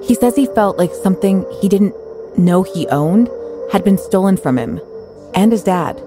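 A woman co-host narrating a documentary story in a calm, conversational manner. Her voice sits in a middle register. Soft background music runs faintly beneath her. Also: mid-range voice, moderate pace. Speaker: podcast co-host.

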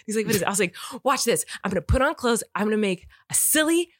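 Woman, thirties, podcast co-host, animated storyteller, frequent laughter, dry close sound. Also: a little high, rapid-fire, dry recording. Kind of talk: casual chat.

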